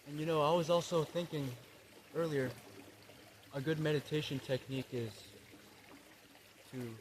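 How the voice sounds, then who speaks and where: A man in a parody spiritual vlog monologue, talking in laid-back bro slang with swearing and a slow, dreamy delivery. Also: fairly high pitch, fairly even intonation. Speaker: comedy creator. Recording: running water noise behind. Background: trickling, pouring water.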